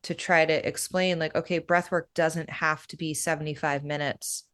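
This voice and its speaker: A woman who works as a breathwork facilitator, explaining her practice in a relaxed, casual way that is full of "you know" and "right?". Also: sits low, moderate pace.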